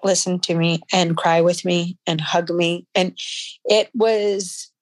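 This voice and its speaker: A woman guest in an interview, telling a personal story in a halting, emotional way with frequent restarts. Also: lowish voice, fairly even intonation, no echo.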